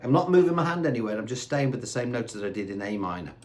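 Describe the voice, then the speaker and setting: A man's voice: medium pitch, sing-song, rapid-fire. Chatty man teaching guitar. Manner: chatty, asks rhetorical questions. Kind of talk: casual guitar lesson. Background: faint guitar and backing tracks.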